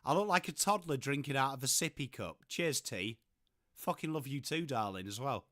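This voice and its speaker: English male stream host, bright forceful voice, dry close sound, chatty and sweary. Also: medium pitch, animated, normal speed, dry recording. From England. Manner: chatty, sweary, reads out and answers chat. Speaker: livestream host. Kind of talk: casual live-stream chat.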